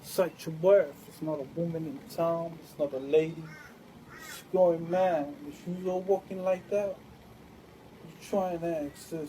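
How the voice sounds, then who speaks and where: A woman's voice: lowish voice, fairly even intonation, measured pace, warm tone, a little hiss or hum, low-quality recording. A woman talking in a rambling, repetitive monologue full of street slang and chant-like repeats.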